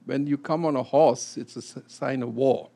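A man leading a Bible study, explaining scripture and acting out quotes with a rising, animated voice. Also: mid-range voice, normal speed, vocal fry.

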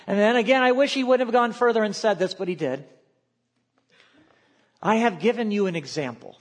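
High-voiced man preaching a sermon. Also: moderate pace. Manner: expressive preaching, quotes scripture aloud, drops to quiet asides. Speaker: pastor.

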